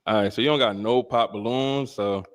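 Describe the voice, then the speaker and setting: A man from New York hosting a dating show, asking brisk, routine questions. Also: mid-range voice. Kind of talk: street dating show interview.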